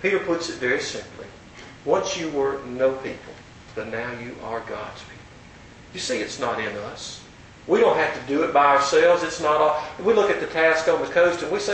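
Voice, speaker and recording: A man preaches in a folksy, earnest storytelling way, his voice ringing around a very echoey hall. He sounds set back from the microphone, with a faint low rumble underneath. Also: lively intonation, moderate pace, fairly bright tone, distant mic. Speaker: pastor. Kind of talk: storytelling sermon.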